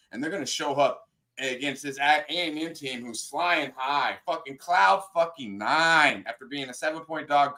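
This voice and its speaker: A man co-hosting a sports radio show, arguing loudly and swearing constantly in a heated debate. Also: fairly high pitch. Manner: loud, profane, yelling. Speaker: co-host. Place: radio studio.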